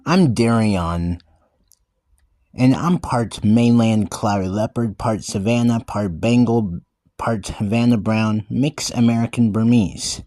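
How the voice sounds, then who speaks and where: A man giving an earnest in-character monologue, talking haltingly with restarted words and often calling out to everyone. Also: on the low side, a little mellow, no echo, studio quality. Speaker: vlogger describing himself as a wildcat.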